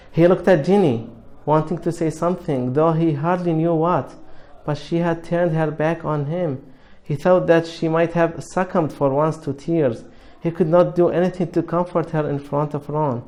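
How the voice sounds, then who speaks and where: A man's voice: a little high, a little mellow. Man reading a novel aloud. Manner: measured, with small restarts. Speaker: reader.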